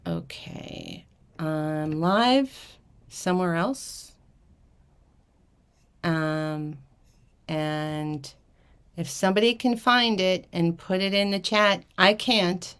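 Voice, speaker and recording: Flustered woman rambling slowly on a live stream. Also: fairly low pitch, very animated, fairly bright tone, clear, resonant tone. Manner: flustered and rambling, laughs often, many fillers and restarts. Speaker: live auction host selling vintage jewelry. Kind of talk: casual live-stream chat.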